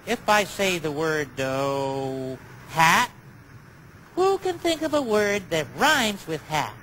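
A man voicing a big, gentle, childlike bird on children's TV, talking earnestly and sing-song to the viewer. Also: a little high, sing-song, slow, a little hiss or hum, full character voice, rough recording. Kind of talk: children's TV chat to camera.

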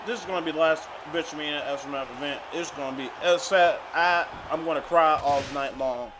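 A man doing comedic wrestling play-by-play, hyped and shouting at big moves, with rambling asides. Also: on the high side, brisk. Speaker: wrestling commentator. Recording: noisy outdoor recording.

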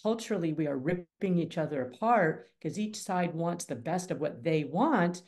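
A woman with a fairly low voice speaks as an interview guest, emphatic and punchy. She drives her points home with blunt, energetic phrasing and a lively, conversational manner. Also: normal speed. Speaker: mediator and attorney, guest. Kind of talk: casual interview talk.

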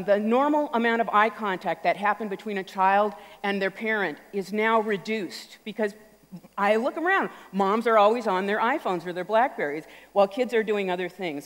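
A woman speaks at a mid pitch in an animated, storytelling stage talk, acting out little voices as she goes. Her voice carries through a large auditorium with a long, ringing reverb. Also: moderate pace. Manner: animated, acts out voices and sounds.

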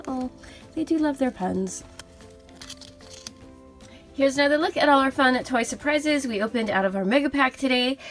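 A young woman hosting a toy unboxing video, gushing softly over each cute plush and reading out their names. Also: on the high side. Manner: gushing, soft and cooing over cute toys.

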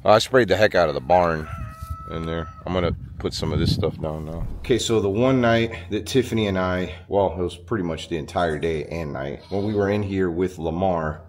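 A man vlogging casually outdoors on his small farm, chatting to the camera and talking to his animals in a high coaxing voice. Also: a little fast, slight background noise. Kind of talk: casual vlog chat.

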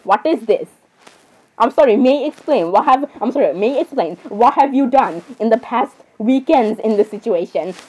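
A woman's voice: a little high, lively intonation, moderate pace, dark tone, slightly rough, muffled recording. A teenage girl casually reacting and commenting, rambling and saying sorry over and over with giggles. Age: teens. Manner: chatty, rambling, keeps apologizing with giggles.

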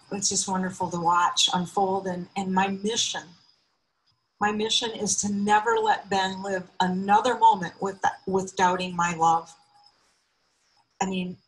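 A woman in her fifties telling a personal story on stage, emotional and heartfelt, her voice often jumping high. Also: rough recording. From United States. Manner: emotional, heartfelt, with sudden high pitch lifts.

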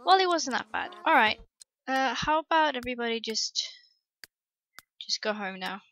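A woman's voice: fairly high pitch, animated, moderate pace, a bit bright, slight background noise, low-quality recording. A woman casually commenting on her life-simulation game, gushing over the characters and chatting to them. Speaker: let's play host.

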